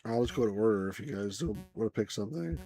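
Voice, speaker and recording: A man's voice: lowish voice, expressive, fast, warm tone, soft background music. A man hosting a casual let's play, chatting loosely and muttering asides to himself. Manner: laid-back, mumbles asides to himself. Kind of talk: casual gameplay chat.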